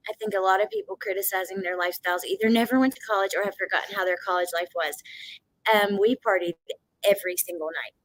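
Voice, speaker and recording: A woman from Georgia with a Southern accent chatting on a livestream and reading out chat comments, animated and laughing often, with a runny nose. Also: medium pitch, quick pace, rough recording. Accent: Southern American. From Georgia, United States.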